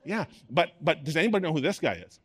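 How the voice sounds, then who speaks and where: A man preaching a sermon to a congregation, animated and playful, with bursts of sports-commentator delivery. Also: on the high side, quick pace, husky. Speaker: pastor.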